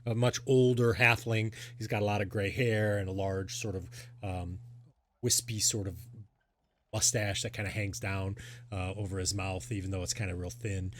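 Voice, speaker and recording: A man narrates as game master of a tabletop game in a loose, hesitant way. His voice sits fairly low and he fills gaps with plenty of uhs and ums. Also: flat delivery, moderate pace, a little hiss or hum.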